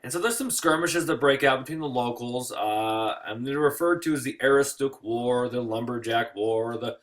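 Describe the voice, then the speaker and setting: Tired, wisecracking teacher, mid-pitched man, talking over lecture slides. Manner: joking, acts out quick voices. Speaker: history teacher.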